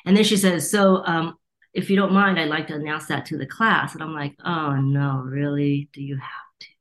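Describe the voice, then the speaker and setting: A woman's voice: sits low, steady tone, moderate pace. A middle-aged woman from the United States, a Reiki teacher, telling stories in an interview and acting out the voices of people she quotes. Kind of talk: storytelling interview.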